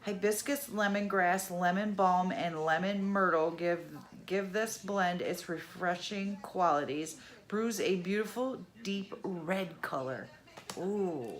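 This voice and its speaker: A middle-aged woman chatting casually as she unboxes a subscription box, exclaiming over each item. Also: fairly low pitch. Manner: chatty, exclaims over items, laughs at own mispronunciation. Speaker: unboxing vlogger.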